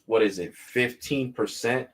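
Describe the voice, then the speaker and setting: A man's voice: mid-range voice, a little slow. Blunt, slangy male tech vlogger. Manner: blunt, slangy, talks straight to viewers. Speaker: tech vlog host. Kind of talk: casual rant to camera.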